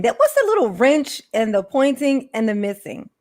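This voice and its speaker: A woman's voice: fairly high pitch, very animated, moderate pace. A woman live streamer, chatting casually with viewers, rambling and laughing often.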